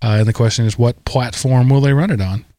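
A man chatting casually about tech, explaining points at a measured pace with some uh fillers. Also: medium pitch, dark tone, no room sound, clean studio sound. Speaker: podcast co-host.

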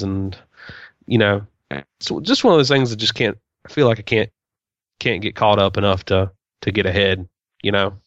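A man's voice: lowish voice, no echo, highs cut off. A man co-hosting a podcast in casual chat, telling stories with a wry, joking manner. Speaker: podcast co-host.

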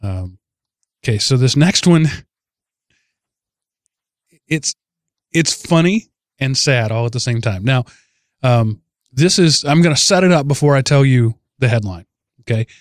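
A man's voice: mid-range voice, lively intonation, measured pace, pauses often, no echo, clean studio sound. A man hosting a casual podcast chat, telling a news story with amused chuckles. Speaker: podcast host.

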